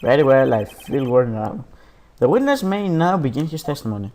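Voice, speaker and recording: A man voicing a hesitant, fussy elderly judge from a game, pausing often as he talks. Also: medium pitch, sing-song, darkish tone, voice pushed down, close to an everyday voice. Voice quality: hesitant, halting. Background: background game music.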